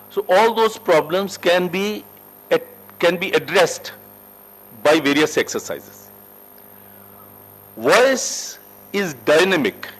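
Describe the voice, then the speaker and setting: A man leads a corporate soft skills class in a fairly high voice. He moves through sweeping rises and drops in pitch and loudness, putting questions to the group and then answering them himself. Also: slight background noise, rough recording. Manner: emphatic, lively teacher with wide shifts in pitch and loudness. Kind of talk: classroom lecture. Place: training room with a group.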